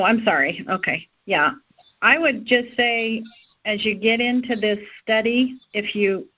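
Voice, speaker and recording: A woman hosting a study group call, speaking hesitantly with many fillers. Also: mid-range voice. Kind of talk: casual discussion on a conference call. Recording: dull lo-fi call audio.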